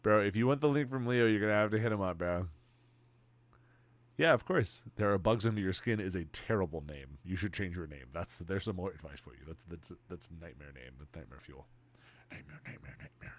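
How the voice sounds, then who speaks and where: A young man with a fairly low voice chats on a live stream. He reacts to his chat excitably, swears a lot, and drops "bro" into nearly every sentence. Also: brisk. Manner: excitable, swears freely, says "bro" constantly. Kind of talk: casual livestream chat.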